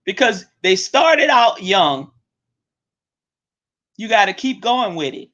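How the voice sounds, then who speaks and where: A woman hosting her own show, ranting bluntly and swearing freely, with sharp swings up and down in pitch. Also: big pitch swings, slow pace. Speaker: host. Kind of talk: profane ranting monologue. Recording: dull lo-fi recording.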